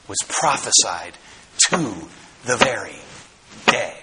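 A man preaching a sermon to his congregation, dramatic, swinging from loud emphasis to hushed tones. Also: fairly high pitch, normal speed, heavy background noise. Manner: speaks straight to the congregation.

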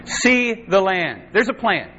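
A man preaching a sermon as pastor, emphatic, with repeated refrains and lively quoted asides. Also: sits high, slow. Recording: slightly dull sound with faint noise.

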